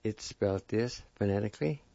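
A man's voice: fairly low pitch, creaky, warm tone, no echo. A man giving a weekly language lesson, carefully sounding out each word syllable by syllable and repeating it for learners. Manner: slow, deliberate, sounds words out syllable by syllable and repeats them. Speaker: language teacher. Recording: dull lo-fi recording.

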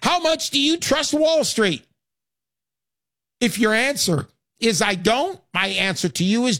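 A man's voice: high voice, fairly bright tone. A man hosting a call-in radio show, talking in a brash, salesy, joking way.

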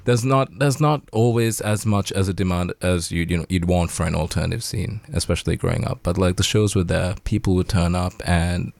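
A man's voice: deep voice, fairly quick, creaky, few pauses, darkish tone, no room sound. A man from Sri Lanka, a guest band member in casual chat, laid-back and slangy, laughing often and tired late at night.

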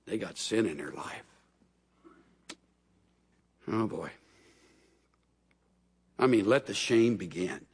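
A man's voice: on the low side, breathy edge. A man preaching a sermon in a large hall, telling stories with animation and acting out voices from scripture. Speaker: pastor. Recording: long hall reverb.

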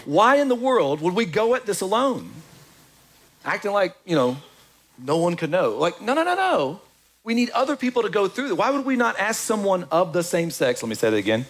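A pastor delivering a sermon, his voice sitting a little high for a man. His pitch swoops widely as he acts out lines and fires rhetorical questions. The delivery is animated and conversational. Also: moderate pace.

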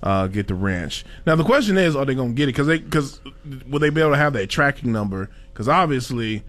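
A man's voice: mid-range voice, expressive, a little fast, fairly bright tone. A man hosting a casual talk show, reading a sponsor spot and rambling with lots of fillers and chuckles. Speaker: show host. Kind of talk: casual chat with a sponsor read.

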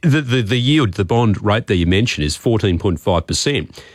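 A man's voice: on the low side, expressive, moderate pace, breathy edge, no room sound, studio quality. A man with an Australian accent giving a radio finance update, informative with occasional restarts. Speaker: finance reporter.

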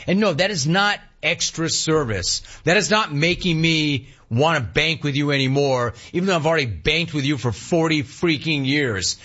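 A man in his fifties hosting a call-in talk radio show, ranting with animated energy and mocking voices. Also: normal speed, few pauses, muffled recording. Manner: animated ranting, mocks cheerful clerks in a high voice. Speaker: radio talk show host taking calls.

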